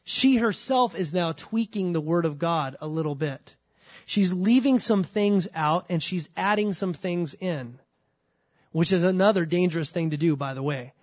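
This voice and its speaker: A man preaching a sermon as pastor, emphatic and repeating words as he starts a thought, slowing down to read scripture. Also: sits high.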